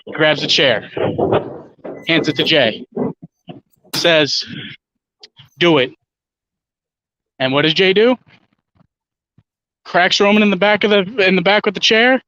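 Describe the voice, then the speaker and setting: A guest man on a livestream, speaking confidently and emphatically with casual swearing. His voice is high and bright, coming through dry and a little dull, as over a lo-fi call line. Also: a little slow, pauses often, dry recording. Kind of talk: casual chat.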